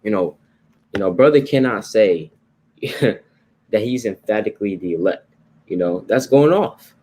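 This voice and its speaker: This fairly low, darkish male voice is animated yet unhurried, with a little background noise. He's giving an informal Bible teaching in sermon style, going over points again and tacking on "right?" and "you know."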